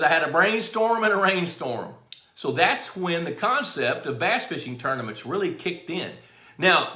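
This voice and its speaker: A man's voice: on the high side, sharp tone. A middle-aged man hosting a live stream, telling stories in a folksy way and greeting viewers by name. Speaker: show host. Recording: echoey room.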